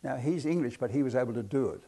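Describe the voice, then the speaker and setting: A man's voice: medium pitch, fast talker, dark tone. A man giving a hypnotherapy talk to an audience, telling chatty, self-deprecating stories about his cases. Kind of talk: anecdotal lecture to an audience.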